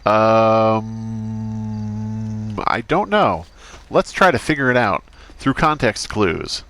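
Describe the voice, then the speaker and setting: A man's voice: fairly low pitch, big pitch swings, slow, fairly bright tone, a little hiss or hum. A man streaming a crime roleplay game as a doctor character, chatting in character with a dry, sarcastic manner.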